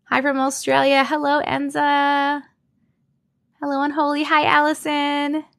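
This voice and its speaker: Upbeat woman host, thirties, bright high voice, reads chat comments on a desk mic. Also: monotone, measured pace, gravelly. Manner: bubbly, greets viewers by name, reads comments aloud. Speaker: live-stream host. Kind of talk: casual live-stream chat. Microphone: desk condenser mic.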